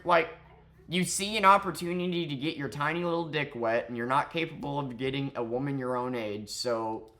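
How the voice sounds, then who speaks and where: A young man delivers a heated vlog rant at a middling pitch. He swears freely and turns sarcastic, mocking his target with scornful jabs. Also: normal speed, pushed and bright. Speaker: streamer and vlogger. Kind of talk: ranting commentary vlog.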